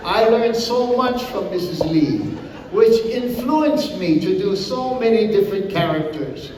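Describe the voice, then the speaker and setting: Older man, Hawaiian accent, animated storyteller, high voice, long hall reverb. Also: moderate pace, noisy background. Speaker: comedian. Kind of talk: storytelling to a live audience. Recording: echoey hall from far off.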